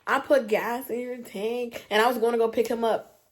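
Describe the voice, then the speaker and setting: A woman's voice: fairly high pitch, fairly even intonation, moderate pace. Young woman ranting on her vlog, slangy, lots of "like", exasperated. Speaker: vlogger. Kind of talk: storytime vlog.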